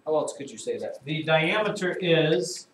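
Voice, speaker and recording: A male math teacher leading a classroom lesson, slowly repeating key terms and calling on pupils by name. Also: a little high, expressive. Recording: echoey classroom from far off with noise.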